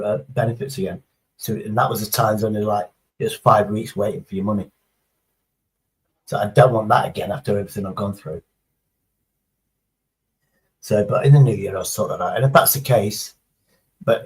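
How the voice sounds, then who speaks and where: On a rough recording, a middle-aged man with a lowish voice rambles through a casual livestream chat, swearing a lot and leaning on sarcasm.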